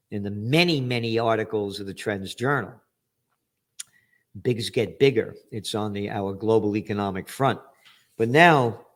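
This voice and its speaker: Angry older man ranting profanely. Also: medium pitch. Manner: angry, profane, emphatic ranting with sarcastic mock quotes. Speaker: trends forecaster hosting a news commentary. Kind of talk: ranting news commentary.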